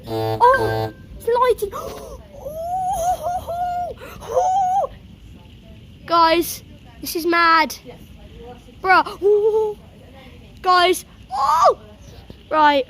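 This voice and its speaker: High, lively woman, breathless storm vlog. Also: slow, pauses often, a crowd in the background. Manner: excitable, gasping exclamations, repeated "oh my God". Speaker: storm-chasing vlogger. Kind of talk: live storm vlog, talking to viewers. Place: outdoors in a thunderstorm. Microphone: handheld or propped camera. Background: rain, wind and thunder.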